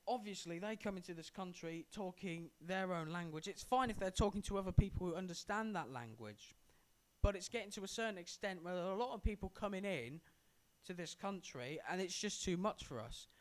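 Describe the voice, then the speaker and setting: Chatting casually as a podcast co-host, this young man from England has a sore throat and a voice that sits high at a normal speed. He rambles, trips over his words and keeps correcting himself.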